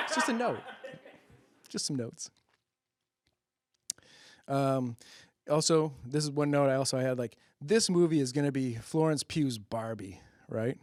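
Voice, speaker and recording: A man's voice: mid-range voice, a little mellow, no room sound. Rambling, self-mocking comedy host, man. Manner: self-deprecating, laughs at own jokes, checks if jokes land; loose, rambling, many fillers. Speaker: host of a public-access comedy show. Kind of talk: rambling comic monologue.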